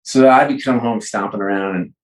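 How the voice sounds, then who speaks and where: Energetic man telling stories in an echoey room. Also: on the low side, fairly quick. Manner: energetic storyteller, acts out both sides of dialogues. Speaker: guest, sports and entertainment executive. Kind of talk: animated podcast conversation. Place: home.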